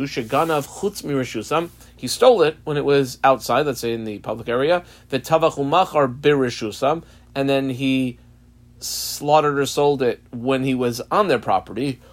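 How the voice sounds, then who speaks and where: Man, Talmud teacher, study lesson, mid pitch, halting, fillers and restarts. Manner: explains slowly, many fillers and restarts. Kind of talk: daf yomi study lesson.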